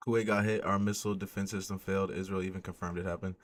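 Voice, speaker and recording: A man's voice: low-pitched, level tone, very fast. A man hosting a podcast, reacting to news in casual chat with blunt, profane, exasperated commentary.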